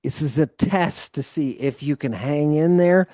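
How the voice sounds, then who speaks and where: A man's voice: fairly high pitch, a little slow, warm tone, dry recording, clean studio sound. A man tutoring a student one-on-one through Greek vocabulary, explaining grammar at length and encouraging her. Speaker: Greek teacher. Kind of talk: live tutoring session.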